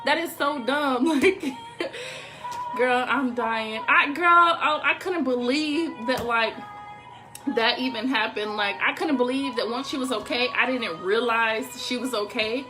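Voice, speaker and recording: A young woman telling a story to her viewers in a casual, animated, profane way with laughing asides. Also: fairly high pitch, measured pace, over music. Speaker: storytime vlogger.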